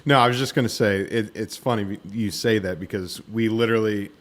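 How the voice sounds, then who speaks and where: A man's voice: on the low side, brisk. A man co-hosting a dog training podcast, joking in casual chat. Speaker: podcast co-host.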